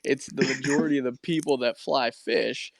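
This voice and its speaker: Chill dude spinning a fishing yarn, swears a bit, mid voice, dry mic. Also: male voice, medium pitch, steady tone, moderate pace, creaky, no echo. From Pennsylvania. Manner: laid-back, swears, laughs at his own story. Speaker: podcast guest. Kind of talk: casual storytelling around a fire.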